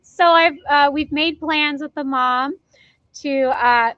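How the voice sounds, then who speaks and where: A woman who performs as a party character, telling stories in a casual interview in an animated way, acting out the dialogue and laughing often. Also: high voice, slow, dry recording. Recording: dull lo-fi dry sound.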